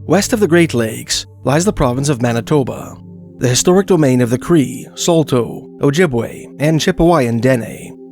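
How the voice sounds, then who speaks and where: A man giving scripted narration of folklore history, reading quoted passages in a measured way. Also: mid-range voice, a little mellow. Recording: faint background music.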